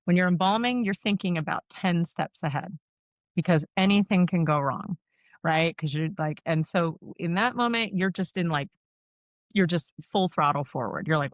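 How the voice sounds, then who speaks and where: Woman, 30s, funeral director guest; frank, quick, laughs easily; lower register, dry close sound. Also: no room sound. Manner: candid, quick, laughs often. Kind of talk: casual interview conversation.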